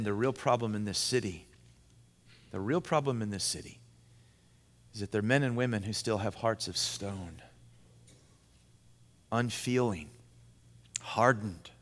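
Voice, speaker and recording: A man preaching a sermon to a men's gathering, emphatic and repetitive, moving between loud, rising passages and hushed, intense ones. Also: fairly low pitch. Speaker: pastor. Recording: long hall reverb.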